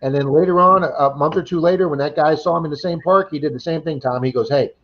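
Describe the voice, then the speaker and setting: A man telling an animated story in a casual livestream chat, acting out what others said. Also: on the high side, fast. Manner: animated retelling, acting out quoted voices. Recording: slightly dull lo-fi livestream audio.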